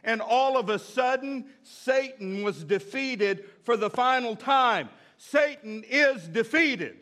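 Animated and forceful, a pastor with a bright voice that sits high for a man preaches an emphatic sermon. He leans on key phrases and repeats them, swinging from slow, drawn-out delivery to quick bursts.

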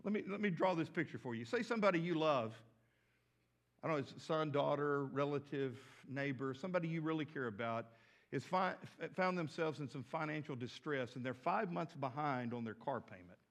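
A pastor from the States, preaching a sermon with emphatic rises and repeated words. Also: male voice, a little high, brisk. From southern United States.

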